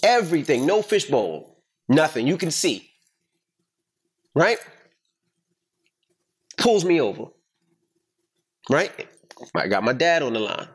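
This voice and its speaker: A middle-aged man hosting a casual podcast chat, telling a story in an emphatic, profane, animated way. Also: on the high side, slow, long pauses, breathy edge. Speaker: podcast host.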